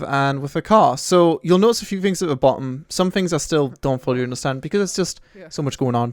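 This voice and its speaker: A man hosting gameplay commentary with friends, joking and rambling through explanations. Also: mid-range voice. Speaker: gaming channel host.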